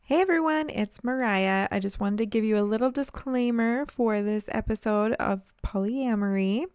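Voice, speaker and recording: A woman's voice: a little high, moderate pace, darkish tone. A young adult woman co-hosting a podcast in casual chat, talking loosely and laughing easily. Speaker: podcast co-host.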